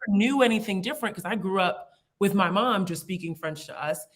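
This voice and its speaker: A woman's voice: medium pitch, a little fast. A young woman from the United States, a guest in a casual interview, talking in a chatty, reflective way with frequent laughs and fillers.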